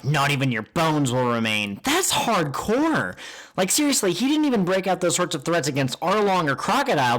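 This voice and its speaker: A man co-hosting a podcast, retelling scenes with excited, animated energy in casual chat. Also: mid-range voice. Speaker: podcast co-host.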